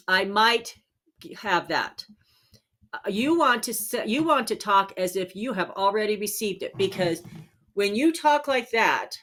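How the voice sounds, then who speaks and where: A woman hosting a spiritual healing channel, talking earnestly and encouragingly straight to her viewers, sometimes pausing to search for a word. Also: medium pitch. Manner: searches for words aloud with fillers. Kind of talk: casual self-help talk.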